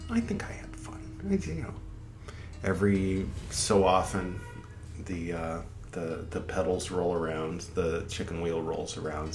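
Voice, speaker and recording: A man hosting a podcast, reading an old text aloud and breaking off into casual, irreverent, swearing asides. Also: low voice. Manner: irreverent, swears, digressive, mock-dramatic quoting voices. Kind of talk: casual rambling reading commentary. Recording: echoey room with faint background noise.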